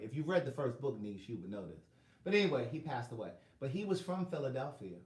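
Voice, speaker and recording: A middle-aged male author telling a personal story in a lively, laughing way, acting out quotes. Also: mid-range voice. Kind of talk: storytelling monologue. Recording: roomy echo.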